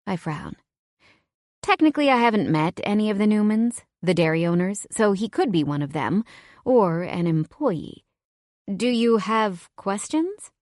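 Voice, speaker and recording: A woman narrating a first-person romance audiobook in a wry, conversational, expressive way. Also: mid-range voice, normal speed, no room sound, studio quality.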